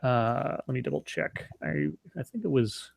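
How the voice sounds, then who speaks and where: Man, channel host, casual chat, halting with fillers, dry close sound. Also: mid-range voice, lively intonation, creaky, husky, no room sound. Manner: halting, many fillers and restarts.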